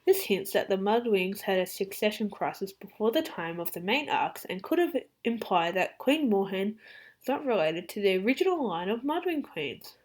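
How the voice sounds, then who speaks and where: A woman's voice: mid-range voice, moderate pace. Aussie woman doing a fan facts vlog, chatty and hyper, medium voice, whispers bits here and there. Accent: Australian. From Australia. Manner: chatty and excitable, drops into whispered asides. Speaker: fan channel host. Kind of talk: casual fact-reading vlog.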